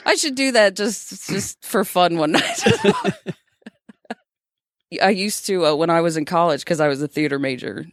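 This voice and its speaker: A woman's voice: lowish voice, measured pace, pauses often, no room sound, studio quality. A woman in her thirties co-hosting a casual podcast, self-deprecating and laughing often. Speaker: podcast co-host.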